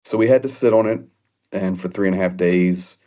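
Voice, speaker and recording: A man's voice: low voice, dark tone. A man telling personal stories in a casual, earnest way, often stopping and restarting. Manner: earnest, halting with frequent restarts. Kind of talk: casual conversational storytelling.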